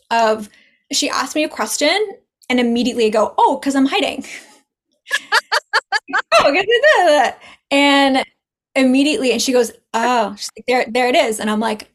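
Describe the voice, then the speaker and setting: A chatty woman talks as a podcast guest. Her voice sits a bit high, and she acts out quoted dialogue as she goes, laughing often. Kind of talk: casual podcast chat.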